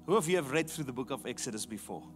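A man's voice: medium pitch, lively intonation, very fast, soft background music. A man preaching a sermon emphatically, repeating his key phrases. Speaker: pastor.

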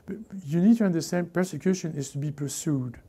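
Male pastor preaching, gravelly mellow voice, animated delivery that slips into character voices. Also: on the high side, fairly quick. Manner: animated, repeats words, acts out characters. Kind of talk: lively sermon with acted-out voices.

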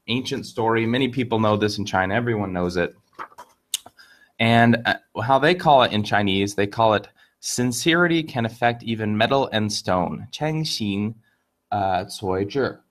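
A man with a fairly low voice tells an old fable as a relaxed online lesson. He talks in a lively, chatty way, stumbling over and repeating his words as he goes. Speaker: online Chinese idiom teacher. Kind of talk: casual storytelling lesson to camera.

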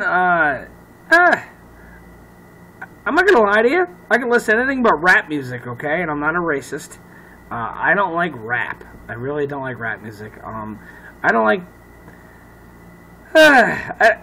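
A man who is a comedian, rambling loudly and profanely in a casual talk to camera. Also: fairly high pitch, rough recording. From Irish heritage. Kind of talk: casual off-the-cuff chat to camera.

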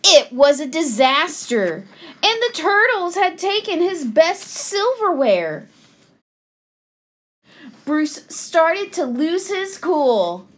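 Lady reading a kids' picture book, slow and bouncy, high voice. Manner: slow, expressive and sing-song. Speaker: children's story reader. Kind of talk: picture book read-aloud.

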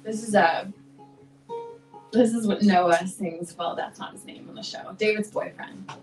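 A woman singer-songwriter banters with her crowd between songs in a small venue, quick to joke at her own expense and laugh. Her voice is captured from some distance, with the room's echo around it. A guitar sounds faintly behind her. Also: medium pitch, fairly even intonation, darkish tone. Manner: chatty, joking, self-mocking, laughs often. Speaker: singer-songwriter performing live. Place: small live music venue. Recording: echoey room recording from afar.

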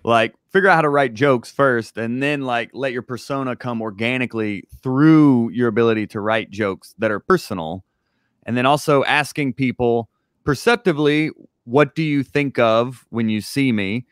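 A man's voice: medium pitch, normal speed, clear, resonant tone, no room sound, clean studio sound. A man hosting an interview, a working comedian who talks candidly and reflectively with lots of fillers. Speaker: host, comedian. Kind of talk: casual interview chat.

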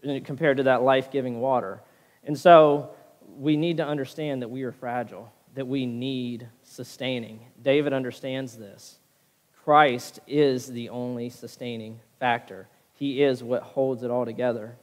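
A man's voice: mid-range voice, fairly even intonation, moderate pace, big-room sound. A man preaching a sermon as pastor, often checking in with his listeners with a "right?". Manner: preaching with frequent "right?" tag questions. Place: church sanctuary.

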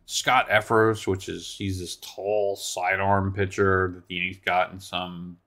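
Gravelly, deep-voiced sarcastic sports host. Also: male voice, level tone, takes it slowly, few pauses, a bit bright. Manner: blunt, exasperated, sarcastic, swears freely. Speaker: sports talk podcast host. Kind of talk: solo sports talk commentary.

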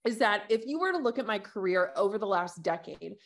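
A woman guest on an interview show, talking casually and telling animated stories with quoted asides. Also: mid-range voice, fairly quick. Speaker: podcast host and guest.

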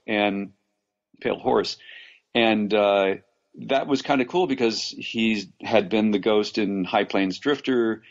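A man's voice: on the low side, highs cut off. A man from Los Angeles, an actor being interviewed, telling long stories with many restarts and fillers and frequent laughs. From Los Angeles, USA. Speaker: actor, podcast guest. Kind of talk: casual interview storytelling.

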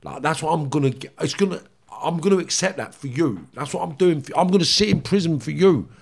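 A man's voice: on the high side, lively intonation, brisk, vocal fry. Middle-aged London man, ex-gangster interview guest, blunt, raw and emotional. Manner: emotional, blunt, swears freely, acts out dialogue. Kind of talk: candid interview storytelling.

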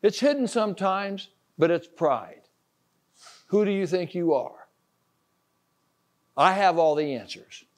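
Older man, folksy preacher, high-pitched, plain homespun delivery. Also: lively intonation, slow pace, long pauses. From Ohio, US. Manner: folksy, storytelling, acts out quoted voices. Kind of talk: informal sermon.

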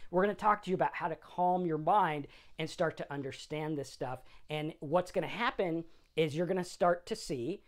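A man's voice: fairly high pitch, moderate pace. A middle-aged man hosting a sobriety talk, speaking in an informal, conversational way and often checking in with "right?". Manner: conversational, tags lines with "right?".

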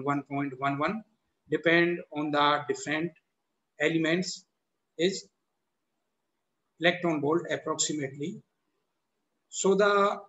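A man with an Indian English accent giving a university lecture, halting and repetitive, often restarting with "so the" and "or we can say". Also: a little high, a bit bright, roomy sound, low-quality recording. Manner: halting, repeats itself, frequent "so the" and "or we can say" restarts. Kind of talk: recorded classroom lecture.

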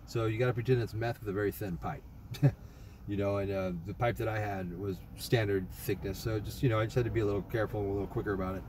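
A man's voice: fairly low pitch, mellow, a little hiss or hum. A young man casually rambling through a trip report, swearing often and full of fillers and restarts. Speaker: vlogger.

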